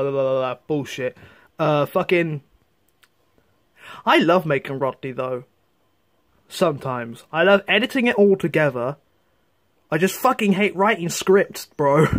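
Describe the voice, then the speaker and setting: Guy venting about his own video series, lots of swearing and stammering, faint music under it. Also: fairly high pitch. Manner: rambling and swearing, repeats words when flustered. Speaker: creator of a home-made toy train series. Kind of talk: casual rant to camera.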